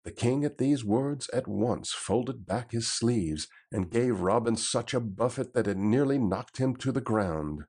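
A man reading an old adventure story aloud in a steady, even delivery. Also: medium pitch, measured pace, hardly any pauses, husky. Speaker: narrator.

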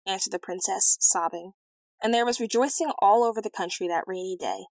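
A woman reading a fairy tale aloud in a measured, clear and expressive way. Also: mid-range voice, no room sound, low-quality recording. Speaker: storyteller.

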